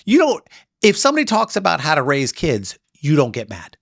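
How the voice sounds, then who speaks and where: A man hosting a casual chat, telling stories in an animated way and acting out quick asides. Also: a little high, vocal fry, dry recording, clean studio sound. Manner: animated storytelling with voiced asides. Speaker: podcast host.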